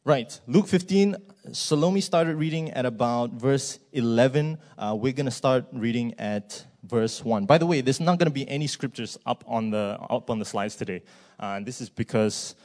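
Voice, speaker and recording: A male preacher talks through scripture in a church. His voice sits at an ordinary middle pitch, and his delivery is chatty and unpolished, with plenty of fillers and quick check-ins with the congregation. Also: a little mellow. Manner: conversational, often adds "right?" and fillers. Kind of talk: sermon.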